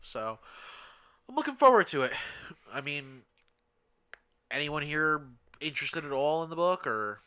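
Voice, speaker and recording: A man hosts a relaxed podcast conversation, talking quickly and with lots of energy. His voice is bright, crisp and a little high, and the recording sounds clean. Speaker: podcast host. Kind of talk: casual chat.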